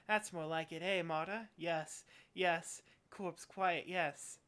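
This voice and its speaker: A woman's voice: lowish voice, steady tone, slow pace, a bit bright. A woman voicing a mumbling, sing-song old woman who picks at corpses and talks to herself, reading game dialogue aloud. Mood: muttering.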